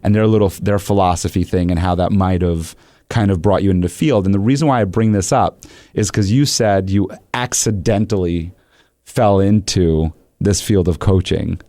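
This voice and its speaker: Male podcast host and coach; low voice, dry close sound, animated storyteller. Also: normal speed, no room sound. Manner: animated storytelling with acted-out quotes. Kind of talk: conversational interview.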